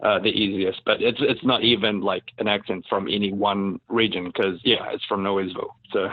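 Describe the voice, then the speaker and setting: NZ-accented male actor, podcast guest, lively and chatty, thin phone-quality sound. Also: fairly low pitch, moderate pace. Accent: New Zealand. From New Zealand. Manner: animated, laughs often, many fillers. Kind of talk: casual podcast interview. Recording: dry, phone-like remote call audio.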